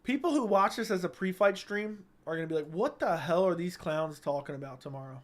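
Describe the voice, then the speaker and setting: A young man with a high, light voice hosts a relaxed livestream. He talks into a close studio microphone, reading viewer comments aloud and joking between them. His delivery stays easygoing and conversational. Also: brisk. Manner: laid-back, reads chat aloud, joking. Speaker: livestream host. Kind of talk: casual livestream chat. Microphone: studio dynamic mic.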